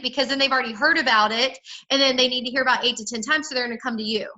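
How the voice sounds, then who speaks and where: A woman's voice: sits high, rapid-fire, few pauses, pushed and bright, low-quality recording. A woman coaching her sales team on a call, chatty and emphatic, often acting out what she would say to people. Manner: chatty, emphatic, acts out dialogue. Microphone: phone or call audio.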